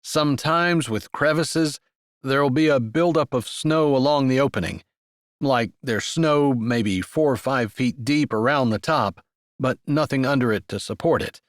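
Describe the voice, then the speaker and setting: Man doing an easygoing young snowboarder, audiobook voice, calm, unhurried, dry sound. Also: mid-range voice, no room sound, natural voice. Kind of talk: audiobook character voice.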